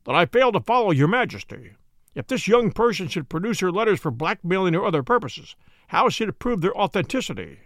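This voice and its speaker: A man's voice: high voice, big pitch swings, brisk, fairly bright tone, dry recording, pitched above the performer's own voice. A man doing Sherlock Holmes, dry and languid. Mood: probing. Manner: dry, clipped remarks. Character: cool, languid male detective, sharp and dry.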